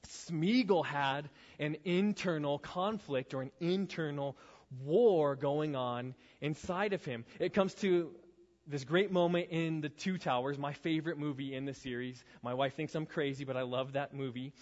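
A man preaching to high schoolers in a relaxed, chatty storytelling way, his voice a touch higher than most. A long reverb trails each phrase, and the recording sounds dull and muffled. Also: a little slow. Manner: conversational storytelling, casual asides. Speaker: youth pastor.

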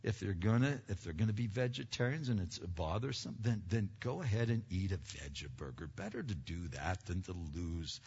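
A man preaching a sermon, swinging between loud emphatic passages and quiet earnest asides, asking the congregation questions and answering them himself. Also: deep voice, expressive, moderate pace, few pauses, husky. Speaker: pastor. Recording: dull lo-fi recording with long hall reverb.

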